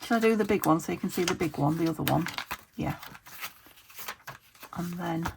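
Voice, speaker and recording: UK woman crafting host, casual meandering chat, low gravelly voice, noisy home recording. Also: normal speed. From United Kingdom. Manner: chatty and meandering, talking to herself while working.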